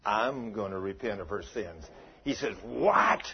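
A man, a pastor telling a folksy, animated story in a sermon, on a dull lo-fi recording. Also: on the low side, normal speed.

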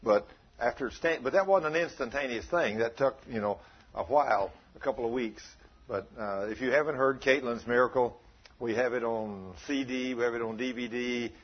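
A man preaching a storytelling sermon, swinging from loud animated bursts to hushed retelling. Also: mid-range voice, moderate pace, muffled recording.

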